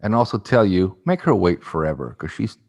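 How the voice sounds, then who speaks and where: A man's voice: low voice, very animated, a little fast, a little mellow. A man co-hosting a podcast, casually telling a rambling story and acting out the people in it. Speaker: podcast co-host.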